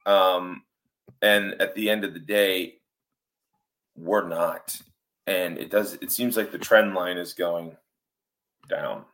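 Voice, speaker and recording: A middle-aged man co-hosting a sports podcast, thinking aloud in a measured way with fillers. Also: deep voice, steady tone, a bit bright, a little hiss or hum. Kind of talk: casual sports talk.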